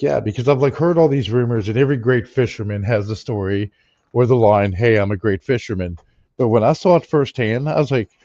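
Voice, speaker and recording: A man's voice: mid-range voice, mellow, no echo, dull audio. A man in casual chat, eagerly retelling a friend's fishing feat with teasing humour.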